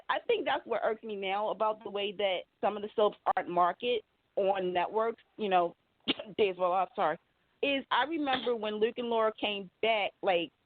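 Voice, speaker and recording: A woman's voice: medium pitch, no echo. Chatty woman on a tinny phone line. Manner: chatty, rambling, enthusiastic. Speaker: podcast panelist. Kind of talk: casual chat.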